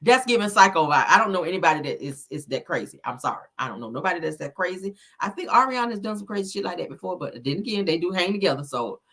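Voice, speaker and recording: A woman's voice: on the low side, very animated, fast, hardly any pauses, fairly bright tone, husky. A woman hosting a celebrity gossip commentary, blunt, profane and sassy as she reads viewer comments.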